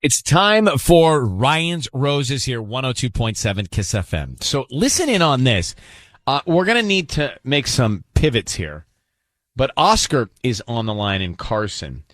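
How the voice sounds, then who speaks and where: A man's voice: medium pitch, very animated, unhurried, fairly bright tone, no echo. Pressing male radio host. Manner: pressing, incredulous questioning. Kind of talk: radio call-in segment.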